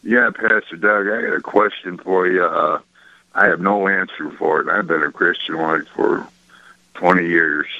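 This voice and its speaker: A man from Michigan calling into a radio show with a question, speaking hesitantly with many pauses and restarts. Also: deep voice, fairly even intonation, dry recording. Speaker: caller. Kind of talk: phoning in a question. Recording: muffled lo-fi phone line.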